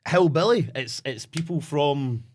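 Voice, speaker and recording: A man's voice: a little high, lively intonation, unhurried, a little hiss or hum. A young Scottish man co-hosting a podcast, rambling through anecdotes with restarts and asides. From Scotland. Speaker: podcast co-host. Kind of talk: casual podcast chat.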